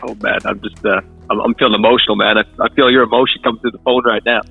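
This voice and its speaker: A man's voice: medium pitch, steady tone, fast, vocal fry, soft background music. A man talking casually over the phone, laid-back, often restarting his sentences. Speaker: friend on the phone. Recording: tinny phone line.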